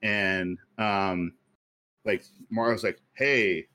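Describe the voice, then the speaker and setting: A man's voice: mid-range voice, normal speed, a bit bright. A man co-hosting a podcast, telling a story at length in casual chat with many fillers. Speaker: podcast co-host.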